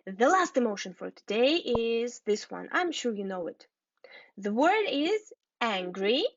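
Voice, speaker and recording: Slow, careful woman teaching English. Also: fairly high pitch, dry recording, highs cut off. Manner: slow, careful teacher speech, spelling and repeating words. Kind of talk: scripted lesson for learners.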